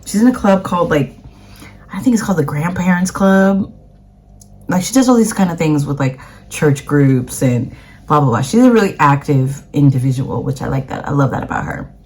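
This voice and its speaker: A woman's voice: deep voice, lively intonation, normal speed, darkish tone. A woman from the United States, a vlogger chatting casually to camera in a rambling way with plenty of fillers.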